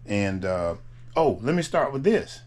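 A man's voice: mid-range voice, very animated, unhurried, a little mellow. A man, chatting casually and laughing easily as an RV travel vlogger. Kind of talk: casual chat to camera.

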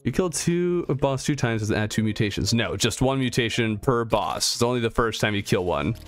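Lively young man chatting while gaming. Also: mid-range voice, normal speed, soft background music. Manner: chatty, reads chat aloud, easily startled. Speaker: gaming streamer. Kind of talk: casual live gameplay chat.

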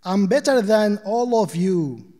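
A man reading a fable aloud, voicing a vain female middle finger who boasts loudly and haughtily. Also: fairly high pitch, lively intonation, slow pace. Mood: haughty. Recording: long hall reverb.

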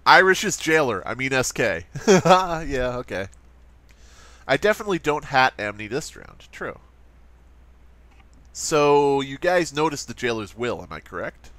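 A man's voice: mid-range voice, sing-song, a little slow, fairly bright tone, no room sound. A man doing playful, sarcastic let's play commentary while playing and talking straight to his viewers. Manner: sarcastic, jokey, talks to viewers. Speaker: gaming commentator.

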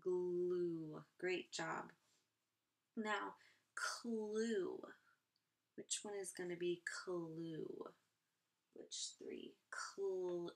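A woman teaching a first grade phonics lesson online, encouraging and clearly sounding out each word for young children. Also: on the low side, fairly even intonation, very slow, pauses often.

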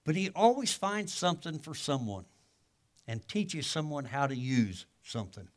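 An older man preaching a sermon in a folksy, homespun way. His voice sits a little high for a man, and he tells stories with plain, everyday grammar. He swings from loud bursts to quiet, hushed asides. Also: very animated, normal speed. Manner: colloquial grammar. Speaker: guest pastor.

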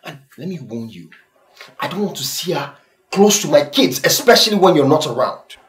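A man's voice: fairly low pitch, measured pace, breathy edge. An actor playing an arrogant, scornful husband and father with a Nigerian accent, mocking and contemptuous. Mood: threatening.

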